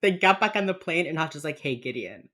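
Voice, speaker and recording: A woman's voice: fairly low pitch, fast. A woman co-hosting a podcast, chatting casually and laughing as she recaps a TV episode. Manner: laughing, animated, acts out characters in quotes. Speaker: podcast co-host. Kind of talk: casual chat recapping a TV show.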